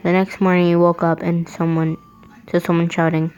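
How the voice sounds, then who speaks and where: A woman's voice: on the low side, little pitch movement, normal speed, darkish tone, smooth, lo-fi sound. A woman reading fan fiction aloud, breaking off to laugh and comment on it.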